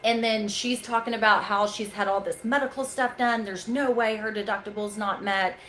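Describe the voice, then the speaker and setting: A woman calmly telling a staff-training story from a chiropractic front desk, patient and talkative. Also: medium pitch, normal speed, low-quality recording. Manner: calm, patient, storytelling with quoted dialogue. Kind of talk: casual staff training talk.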